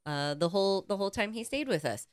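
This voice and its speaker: A woman co-hosting a podcast, telling a story in casual, animated chat and swearing freely. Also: medium pitch, fast, smooth, no echo, studio quality. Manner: animated, profane, acts out quoted people. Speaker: podcast co-host.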